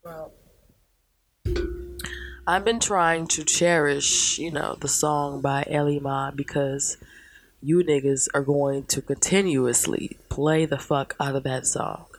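A woman hosting a casual podcast, telling stories in an animated, profane way and mimicking other people's voices. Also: low voice, slow pace. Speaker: podcast host. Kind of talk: casual chat.

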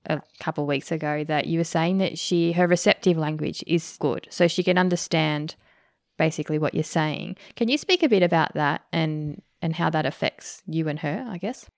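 A woman hosting a podcast, asking measured, thoughtful interview questions. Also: low-pitched, no echo, studio quality. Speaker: podcast host.

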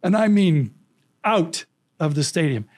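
A middle-aged man spinning animated anecdotes as a podcast guest. His voice sits a little higher than most men's, and he jumps into quoted lines and breaks into frequent laughs. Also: unhurried. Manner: lively, acts out quotes, laughs often. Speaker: storytelling coach, podcast guest.

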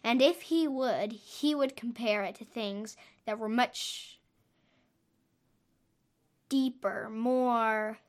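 A woman with a fairly high voice tells a story at an unhurried pace. She rambles, stops mid-thought and corrects herself as she goes, in a loose, unscripted way. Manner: hesitant, trails off and corrects herself often. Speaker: podcast storyteller.

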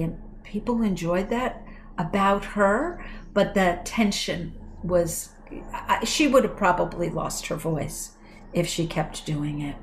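A woman who works as a voice coach talks unhurriedly on a podcast, taking her time over each phrase. She tells animated stories about her clients. A faint hiss of background noise sits under her voice. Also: medium pitch. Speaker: voice and communication coach. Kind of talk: casual podcast conversation.

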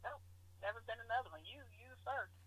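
A woman guest telling her story in a casual interview, animated and often laughing as she acts out what people said. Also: a little high, fast, breathy edge, dry recording, rough recording.

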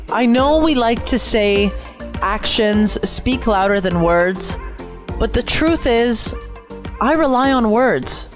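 A young woman from Canada hosting her own podcast at home, talking earnestly and reflectively, repeating phrases for emphasis. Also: on the high side. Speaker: podcast host. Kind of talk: solo podcast talk. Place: home room, window open.

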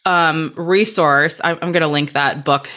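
A woman hosting a podcast, enthusiastic and quick to laugh, who asks long, rambling questions in a casual chat. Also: sits low, fairly even intonation, bright, forceful tone. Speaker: podcast host.

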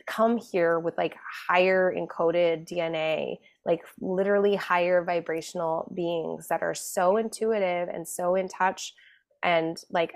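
A woman's voice: lowish voice, gravelly. A woman in her thirties, a guest on a podcast, telling stories in a chatty way with lots of "like" fillers. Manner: chatty, frequent "like" fillers, laughs through stories. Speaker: guest, mindset coach. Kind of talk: casual podcast conversation.

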